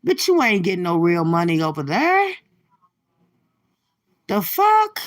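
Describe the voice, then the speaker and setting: A middle-aged woman doing profane, brash reaction commentary from her car, cursing and laughing through loud rants. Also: on the low side, big pitch swings, brisk. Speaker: livestream commentator.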